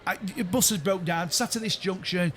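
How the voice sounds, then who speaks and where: A man's voice: high-pitched, normal speed, heavy background noise. A man, co-hosting a casual chat among friends and telling a rambling story full of restarts and laughter. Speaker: podcast co-host.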